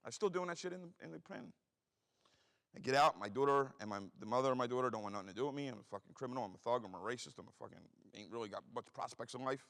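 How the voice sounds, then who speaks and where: Expressive and edged with vocal fry, this forties-aged Philadelphian's medium-pitched voice sounds fairly bright as he tells heavily profane stories. He's a guest speaker with an East Coast accent and fast, blunt street talk, recorded in an echoing hall.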